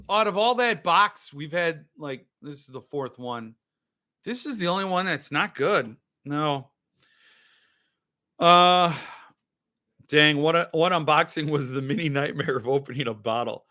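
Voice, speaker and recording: A man's voice: fairly high pitch, lively intonation, unhurried, long pauses, bright, forceful tone. A man hosting a podcast, rambling in loose, joking casual chat while he opens and drinks wine. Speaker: podcast host.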